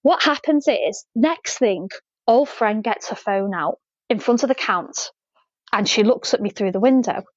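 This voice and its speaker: A woman's voice: on the high side, unhurried, no room sound. A woman, a podcast guest telling a story casually, swearing freely and laughing as she goes. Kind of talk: casual anecdote in an interview. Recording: slightly dull, dry podcast audio.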